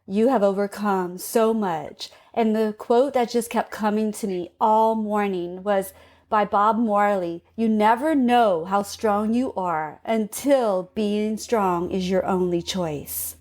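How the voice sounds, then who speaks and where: A woman hosting a podcast interview, speaking gently and sympathetically. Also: medium pitch, slow. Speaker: podcast host.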